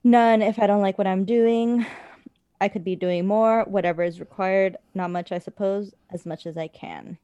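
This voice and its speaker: A woman's voice: mid-range voice, fairly even intonation, normal speed, mellow, clear, resonant tone, dry recording, muffled recording. A young woman chatting casually over quizzes, blunt and teasing, swearing freely. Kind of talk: casual chat doing online quizzes.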